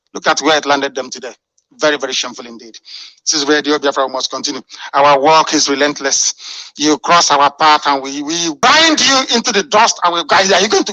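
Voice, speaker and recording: A man's voice: on the high side, sharp tone, dry recording, low-quality recording. A man delivering a fiery, scornful radio address full of rhetorical questions. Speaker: radio broadcaster.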